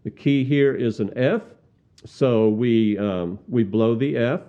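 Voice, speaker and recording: A man teaching how to lead a cappella hymn singing, speaking deliberately, repeating words and singing hymn lines as examples. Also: mid-range voice, mellow. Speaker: song leading instructor. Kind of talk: instructional demonstration with sung examples. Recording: slightly dull, muffled sound.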